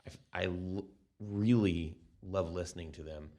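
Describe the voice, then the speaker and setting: Deep-voiced man co-hosting a podcast. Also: fairly even intonation, warm tone. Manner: slow, halting, reflective. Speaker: podcast co-host. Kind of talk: casual podcast chat.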